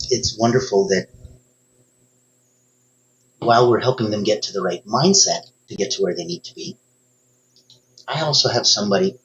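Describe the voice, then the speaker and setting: This man's motivational talk as a coach is emphatic and aimed squarely at the listener, with abrupt upward pitch jumps on key words. The recording has its highs cut off.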